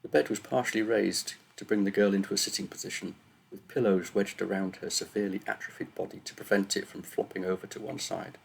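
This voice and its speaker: A man, an author, chatting nervously to camera before reading his own book aloud in steady narration. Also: low voice, gravelly, a little hiss or hum. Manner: nervous, self-deprecating chat then steady narration.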